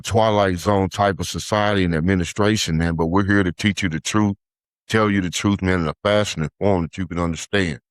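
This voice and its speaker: Deep-voiced man, "man" every phrase. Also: no room sound, studio quality. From United States. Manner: says "man" after nearly every phrase, many "uh" fillers. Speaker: podcast host, life coach. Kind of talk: casual podcast commentary.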